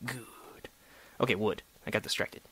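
A man's voice: fairly low pitch, steady tone, moderate pace, a bit bright, slight background noise. A young man giving solo gameplay commentary, chatty and sarcastic, talking to the objects he digs at. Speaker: gamer.

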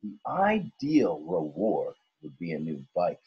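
A man voicing a greedy, grumpy old male crab in a high, squeaky, growling voice, reading a storybook aloud. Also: huge pitch swings, slow, breathy edge, highs cut off, full character voice. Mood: grateful.

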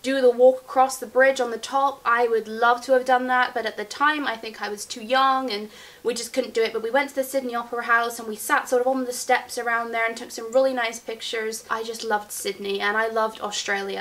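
Chatty young woman, bright pitch. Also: little pitch movement, a little fast. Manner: chatty, giggly, rambling. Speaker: beauty vlogger. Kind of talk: casual Q&A chat.

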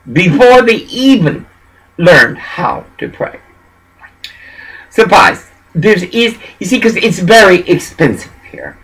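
A man's voice: sits high, gravelly, sharp tone, husky, poor audio. A man from Texas, talking in a preachy, meandering monologue. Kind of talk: rambling monologue.

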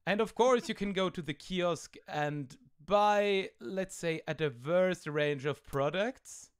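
Speaking slowly in a smooth, high-pitched voice, a German-accented host rambles through casual game commentary over an online call mic. He sounds amused and leans heavily on fillers.

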